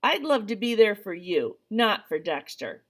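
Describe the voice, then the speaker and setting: Woman reader as gentle teen boy, light teasing, storybook read-aloud. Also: medium pitch, big pitch swings, a little slow.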